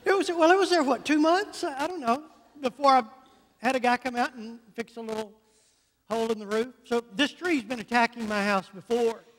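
Male pastor, animated comic storyteller, very high voice, big church-hall reverb. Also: brisk. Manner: animated, comic timing, stretches words for effect. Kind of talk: humorous storytelling sermon. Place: church sanctuary.

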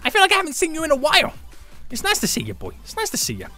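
A young man live-streaming a game, chatting with viewers in a hyped, jokey, animated way. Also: very high-pitched, very fast, soft background music. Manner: hyped, jokey, animated, greets chat members.

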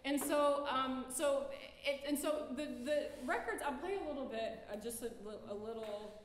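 A woman's voice: high-pitched, normal speed. A woman artist giving a casual public talk in a lecture hall, loose and chatty, peppering her speech with "like" and laughing easily.

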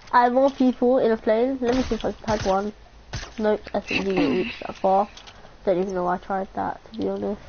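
A woman's voice: mid-range voice, fairly even intonation, moderate pace, long pauses, dark tone, slight background noise. A young woman in casual, joking banter while playing a game. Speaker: player. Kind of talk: casual gaming chat. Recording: dull lo-fi mic.

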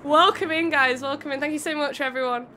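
A woman's voice: high-pitched, fairly even intonation, fairly quick, noisy background. A young woman streamer commentating a racing game event and chatting with viewers in a bubbly, giggly way. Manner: bubbly, giggly, chats to viewers between calls. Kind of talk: live race commentary and chat.

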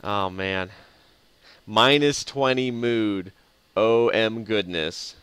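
A man's voice: fairly low pitch, very slow, fairly bright tone, clean tone, no echo. A man casually talking through a strategy game on a live stream, often chuckling and muttering to himself. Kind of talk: casual live gameplay commentary. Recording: faint game music behind.

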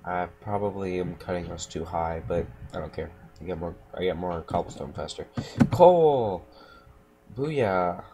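This man's gravelly, low voice moves briskly in a level tone, barely pausing at all. He records himself gaming at home, giving casual commentary as he mumbles and talks to himself. Keyboard clicks come through in the noisy home-room recording.

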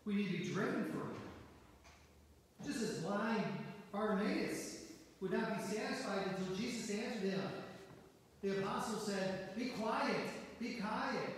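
Pastor preaching in an echoey hall. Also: male voice, high-pitched, a little slow, pauses often, slight background noise. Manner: earnest preaching, quoting scripture in a raised voice. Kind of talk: sermon. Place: church auditorium. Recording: echoey hall, mic far off.

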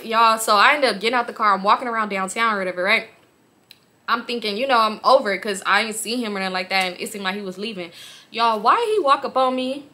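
Profane, animated young woman vlogger. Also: fairly high pitch, fast. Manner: animated, profane, slangy, addresses viewers directly. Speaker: storytime vlogger. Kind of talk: casual storytelling to viewers.

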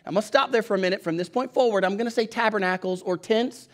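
High-voiced Southern country preacher. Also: male voice, quick pace. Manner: folksy, conversational, calls on the congregation to read along. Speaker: pastor. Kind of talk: sermon.

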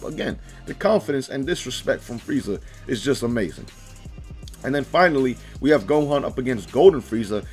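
Young male gaming vlogger, casual and slangy, reading quotes and reacting loudly, mid pitch, music under. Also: a little fast. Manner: animated, slangy, reacts with emphatic outbursts. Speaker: gaming YouTuber.

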